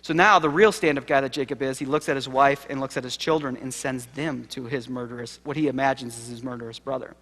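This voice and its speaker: A man giving a sermon-style keynote, telling a story with acted quotes and swinging from loud to hushed. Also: mid-range voice, steady tone, quick pace, hardly any pauses. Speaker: keynote speaker. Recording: live lecture hall reverb.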